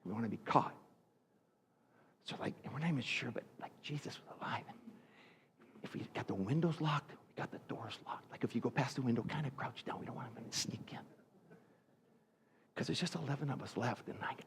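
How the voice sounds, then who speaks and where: A man voicing frightened disciples hiding in a locked room, in a whispered role-play with nervous, hushed speech. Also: medium pitch, big pitch swings, a little slow, long pauses, slight background noise, pitched below the performer's own voice. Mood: fearful. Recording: echoey hall.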